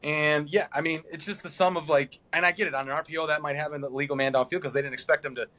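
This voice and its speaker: A young man co-hosting a casual sports podcast, talking in animated, rambling runs. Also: on the high side, fast talker. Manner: animated, rambling, mimics players in a flat mumble. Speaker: podcast co-host.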